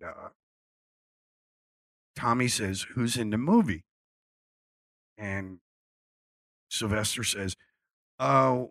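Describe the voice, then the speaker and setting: Man from Philly, bright dry voice, lively anecdote teller who acts out dialogue. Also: fairly low pitch, no room sound. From Philadelphia. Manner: animated storyteller acting out quotes, swears freely. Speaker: guest telling a story. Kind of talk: casual anecdote.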